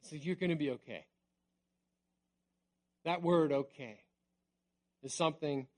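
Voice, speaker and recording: A middle-aged man preaching a sermon in a conversational way, dropping to a near hush on key words. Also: on the high side. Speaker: pastor.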